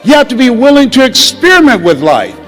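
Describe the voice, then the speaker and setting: A man's voice: very high-pitched, huge pitch swings, fairly quick, fairly bright tone, faint music behind. A man giving a motivational speech, telling stories and acting out dialogue with emphatic, preacher-like repetition. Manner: storytelling, acting out quoted dialogue. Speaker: motivational speaker.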